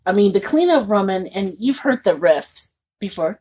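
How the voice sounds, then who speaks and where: Breathy, giggly woman podcast co-host. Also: mid-range voice, animated, normal speed, a little mellow. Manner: chatty and giggly, with frequent laughter. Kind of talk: casual chat.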